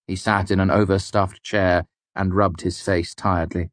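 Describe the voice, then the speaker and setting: A man reading an audiobook in first person, in a measured, even storytelling manner. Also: low-pitched, no echo. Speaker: audiobook narrator. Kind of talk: scripted first-person narration.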